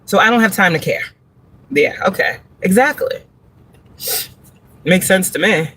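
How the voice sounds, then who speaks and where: A woman's voice: mid-range voice, lively intonation, a little slow, a bit bright. Blunt, profane woman giving a tarot reading. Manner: blunt, profane and emphatic, with frequent laughs and rhetorical questions. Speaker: tarot reader on a livestream. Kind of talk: live tarot reading monologue.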